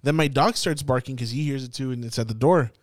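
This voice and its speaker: A young man hosting a podcast, telling a story in a casual, profane, animated way and acting out the scenes. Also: mid-range voice, quick pace, dry recording. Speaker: podcast host. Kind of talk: casual chat.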